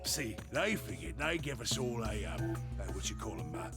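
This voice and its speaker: A put-upon Cockney robot golem, gruff and cheeky, grumbling in folksy slang. His voice swings lively up and down over game music playing clearly behind him. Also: lowish voice, normal speed. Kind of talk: video game voice acting.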